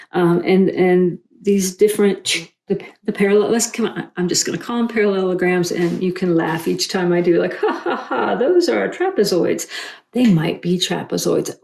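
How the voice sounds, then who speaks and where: A woman's voice: on the low side, a little mellow. A middle-aged woman, teaching quilting in a chatty, rambling way, full of self-deprecating asides. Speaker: quilting instructor. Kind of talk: casual tutorial chat while sewing. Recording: echoey room.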